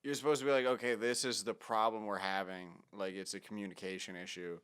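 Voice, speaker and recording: A man's voice: on the low side, little pitch movement, fast talker, fairly bright tone, clear, resonant tone. A man co-hosting a podcast in casual chat, rambling with constant fillers and trailing off mid-thought. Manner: rambling, heavy use of "like", trailing off. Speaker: podcast co-host.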